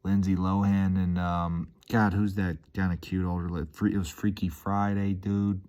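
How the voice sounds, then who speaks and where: Deep-voiced laid-back guy saying dude. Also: flat delivery, normal speed, a little mellow. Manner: laid-back, peppers talk with "dude" and "man"; easily hyped, upbeat storytelling. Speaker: vlogger. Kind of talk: casual rambling monologue.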